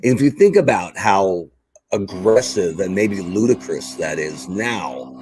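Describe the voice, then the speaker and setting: A man's voice: sits low, measured pace, slight background noise, low-quality recording. A middle-aged man, a guest on a podcast, chatting casually and acting out the exchanges he tells about. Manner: animated storyteller, acts out quoted exchanges.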